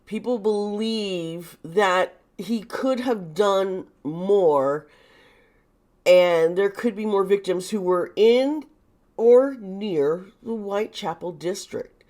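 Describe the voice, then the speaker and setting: Slow and darkish in tone, a woman's mid-range voice leads a casual tarot reading for her video. She thinks out loud, starting over many times, with a slightly nervous, uneasy edge.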